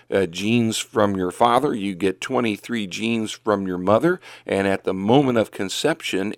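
A man's voice: fairly low pitch, no echo, clean studio sound. An older man from Northeast Ohio hosting a Christian radio program, who rambles unhurriedly with many fillers and restarts and also prays and reads scripture aloud. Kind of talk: casual radio talk with prayer and scripture reading. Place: radio studio.

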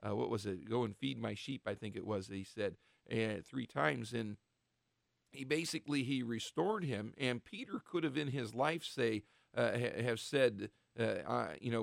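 Gravelly-voiced man teaching the Bible. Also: mid-range voice, dry recording, clean studio sound. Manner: earnest, halting, with many restarts and fillers; acts out short quoted voices of the devil and apostles.

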